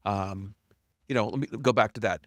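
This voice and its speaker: A middle-aged company founder appears as a podcast guest, telling his story candidly, bluntly, and with self-deprecating humor. He's animated, acting out quoted dialogue with big pitch jumps, at a moderate pace in a studio-quality recording with no echo.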